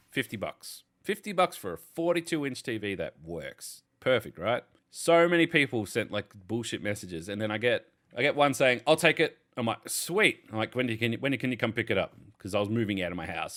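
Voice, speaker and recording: A man's voice: on the low side, a bit bright. A man, the host of a casual podcast, telling a story with lots of swearing and acted-out exasperation.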